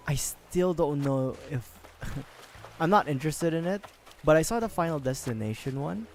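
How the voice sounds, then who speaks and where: A man's voice: medium pitch, darkish tone. A young man streaming a game, chatting casually in a rambling way, swearing and laughing often. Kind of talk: casual livestream chat while gaming.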